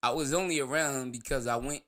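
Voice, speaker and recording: A man's voice: mid-range voice, fast talker, a bit bright. A man from New York hosting his own show, telling a rambling story in casual talk, laughing and swearing as he goes. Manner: rambling, laughs through the story, loose profanity. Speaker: show host.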